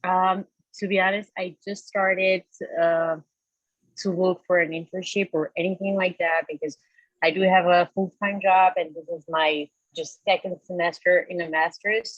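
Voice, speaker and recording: A woman graduate student asks a polite, hesitant question in a Q&A. Her voice is lowish. The sound is dry and dull, as on a lo-fi call. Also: dry recording. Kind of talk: audience question.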